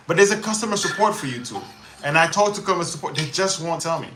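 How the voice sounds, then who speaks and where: A man's voice: on the high side, animated, quick pace, sharp tone, slight background noise. A man hosting a live chat stream, venting about his frustrations and stumbling through many restarts. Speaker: livestream host. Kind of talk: casual live-chat talk.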